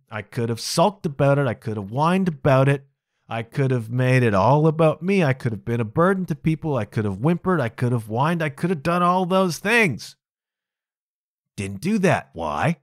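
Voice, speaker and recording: A man's voice: mid-range voice, dry recording. Dry-voiced man musing on a podcast. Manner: conversational, musing, laughs often. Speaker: podcast host. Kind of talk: casual reflective monologue.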